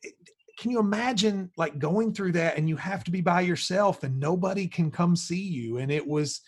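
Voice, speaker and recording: A man with a Kentucky accent hosts a casual podcast over a video call. His voice sits a bit high for a man, and he tells stories candidly, circling back and restarting his sentences. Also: moderate pace. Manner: candid, rambling storytelling with frequent restarts. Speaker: podcast host.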